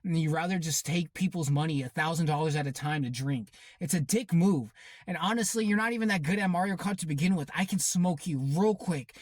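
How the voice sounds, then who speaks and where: Male host, sarcastic profane rant, slightly high voice, dry close sound. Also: darkish tone, no room sound. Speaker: commentary channel host. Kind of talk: ranting reaction commentary.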